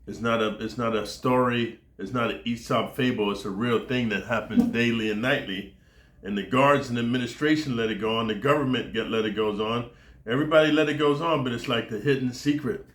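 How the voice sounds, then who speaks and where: A man's voice: medium pitch, fairly quick, a bit bright. American dude talking to camera, keeps saying man and dude, swears a lot, echoey room. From United States. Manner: rambling, profane, peppers speech with dude and man. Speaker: vlogger. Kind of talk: casual to-camera monologue.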